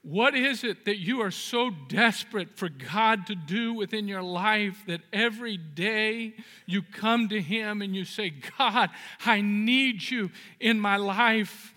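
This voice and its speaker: A man's voice: sits high, takes it slowly, sharp tone. A man preaching a sermon as pastor, moving between earnest, emphatic exhortation and folksy storytelling with jokes. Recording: reverberant hall.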